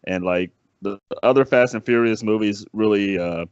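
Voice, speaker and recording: A man's voice: lowish voice, normal speed, clear, resonant tone, no room sound. A man co-hosting a casual movie podcast, easygoing and laid-back, using casual slang. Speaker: podcast co-host. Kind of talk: casual movie-review chat. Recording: dull lo-fi dry sound.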